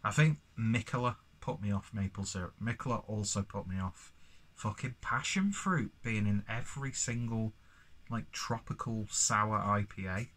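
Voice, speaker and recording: A man's voice: on the low side, moderate pace, fairly bright tone. Rambling sweary man reviewing beer. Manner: rambling, sweary, self-mocking asides. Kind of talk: casual beer review vlog.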